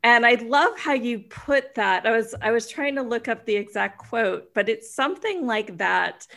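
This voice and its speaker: A woman's voice: fairly high pitch, lively intonation, normal speed, creaky, fairly bright tone. A woman podcast host asking questions in a thoughtful, affirming way. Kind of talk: casual interview.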